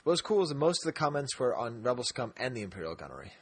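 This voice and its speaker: A man's voice: medium pitch, big pitch swings, racing, husky, dry recording. A man co-hosting a casual podcast chat. He rambles, laughs often and restarts his sentences. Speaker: podcast co-host.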